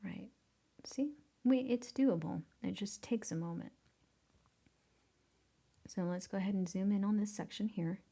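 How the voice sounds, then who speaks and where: A woman teaching photo editing in a casual tutorial. Her voice is mellow with a gravelly edge, and she often sinks into a whispered mutter as she concentrates. She talks in a self-deprecating way and chuckles at her own mistakes. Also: medium pitch, unhurried, long pauses. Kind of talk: casual screen-recorded tutorial.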